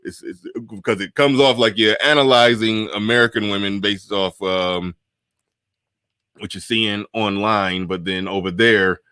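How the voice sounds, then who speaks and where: A man's voice: lowish voice, steady tone, a little slow, sharp tone, clean tone, no echo, studio quality. A man hosting a casual livestream talk show, rambling through his thoughts with many restarts and fillers. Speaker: host.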